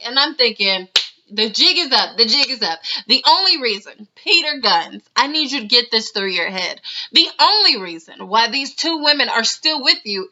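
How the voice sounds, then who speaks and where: A woman's voice: a little high, sharp tone. A young woman chatting through a casual recap of a reality TV episode, laughing and mimicking the people she talks about. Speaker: reality TV reviewer. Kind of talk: casual video commentary. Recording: slightly dull lo-fi sound.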